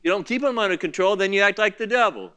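A man preaching a sermon as pastor, impassioned, swinging between loud outbursts and quiet asides. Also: sits high, fast, clean tone.

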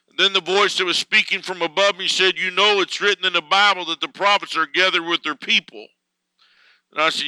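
A man preaching a sermon fervently, swelling louder and slower on key words. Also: high voice, clear, resonant tone, no echo, low-quality recording.

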